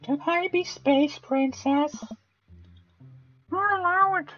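Man faking a bubbly game princess, strained squeaky falsetto, slightly dull audio. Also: takes it slowly, pushed and bright, soft background music, heavily acted. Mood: playful. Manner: strained high falsetto, playful. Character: girly young female warrior princess, bubbly.

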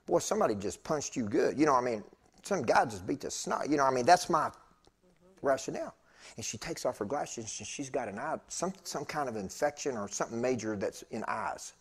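A man preaching in church, telling a personal story in a chatty, animated way with laughing asides to the congregation. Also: mid-range voice, brisk, slightly rough. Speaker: pastor. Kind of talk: storytelling sermon. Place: church sanctuary.

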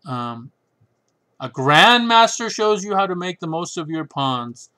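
Speaking unhurriedly but very animated, this man's slightly high, sharp voice carries a casual solo ramble about his books. He reviews chess books, with sarcastic remarks and frequent "right?" checks.

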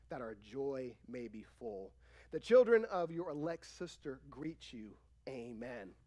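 Lively high-voiced man preaching. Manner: conversational preaching, acts out quoted dialogue; asks the congregation questions. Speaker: pastor. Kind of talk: sermon. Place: church sanctuary.

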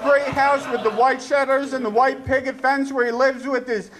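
A male stand-up comedian performing a live set, ranting and sarcastic, jumping between loud outbursts and low mutters. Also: steady tone, moderate pace, a crowd in the background. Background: audience laughter.

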